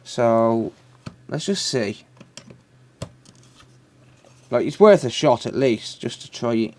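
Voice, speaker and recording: A man's voice: mid-range voice, expressive, takes it slowly, a little mellow. A British man hosting a repair live stream, chatting casually and answering viewer messages while he works. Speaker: repair livestream host.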